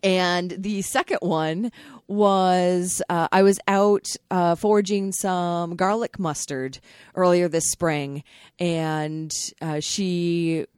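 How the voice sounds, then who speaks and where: A woman hosting a podcast in casual chat, chatty and quick to laugh as she tells anecdotes. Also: fairly low pitch, steady tone, darkish tone, clear, resonant tone, no room sound, clean studio sound. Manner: chatty, laughs often while telling anecdotes. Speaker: podcast host.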